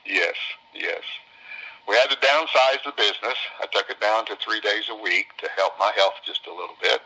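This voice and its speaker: A man with a deep voice spins homespun stories for a group of visitors. His tone is husky and rough around the edges, yet bright and forceful. He often says things twice to drive them home. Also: moderate pace, poor audio. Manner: homespun, repeats phrases for emphasis. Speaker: business owner speaking to visitors. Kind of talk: folksy storytelling talk.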